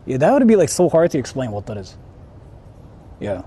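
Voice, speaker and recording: Outdoors in a city, a young man shoots a casual IRL vlog, swearing a lot, laughing and repeating himself. His voice is medium-pitched, warm and husky, very animated at a moderate pace.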